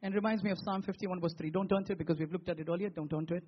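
A man preaching a sermon as pastor, posing rhetorical questions with emphatic pauses. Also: high voice, steady tone, dull audio, slight background noise.

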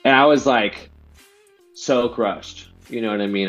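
A man in his thirties from Southern California, a guest DJ telling a story in casual chat, animated and slangy, acting out what he once said. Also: fairly low pitch, moderate pace. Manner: animated, slangy, acts out his own past lines. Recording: dull lo-fi podcast audio with faint music.

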